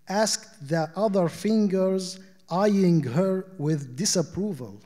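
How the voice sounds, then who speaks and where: High-voiced man reading fables slowly. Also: a little mellow. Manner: measured, deliberate storytelling. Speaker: reader at a literary panel. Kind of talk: reading short fables aloud. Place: arts center auditorium. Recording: long hall reverb.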